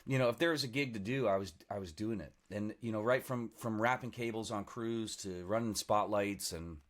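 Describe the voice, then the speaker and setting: A man in his forties from the Niagara region, a guest musician telling stories in a lively, self-mocking way on a casual podcast. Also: on the low side, fairly quick. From Niagara region, Canada. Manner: animated, self-mocking storyteller with laughs.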